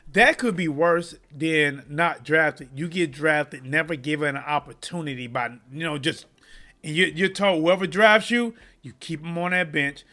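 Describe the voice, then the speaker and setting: A man's voice: a little high, sharp tone. A man hosting a live sports commentary stream, talking straight to his viewers in a heated, impassioned way. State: choking up. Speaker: sports commentary channel host.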